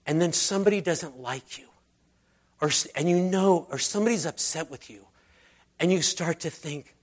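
A man's voice: fairly high pitch, expressive, moderate pace. A man preaching a sermon in a conversational, rambling way with asides. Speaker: pastor.

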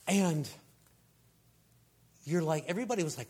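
Male preacher with a fairly high voice, animated storyteller who acts out the characters. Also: measured pace. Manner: animated, acts out quoted voices, conversational asides. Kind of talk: sermon storytelling.

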